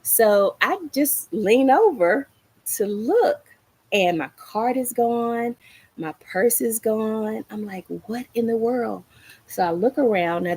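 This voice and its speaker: A middle-aged woman hosting a gardening livestream, telling a story in a casual, animated way and acting out the lines she quotes. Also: husky, rough recording. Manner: animated, acts out quoted lines with rising pitch. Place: small home patio garden, outdoors.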